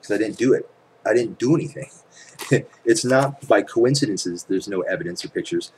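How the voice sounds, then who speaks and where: A man with a very low voice rants straight to camera, swearing freely and stacking up rhetorical questions. A faint hum sits under his speech. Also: animated, normal speed, a little mellow, poor audio. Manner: profane, emphatic storytelling with rhetorical questions. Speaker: channel host. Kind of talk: casual ranting monologue to camera. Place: at home.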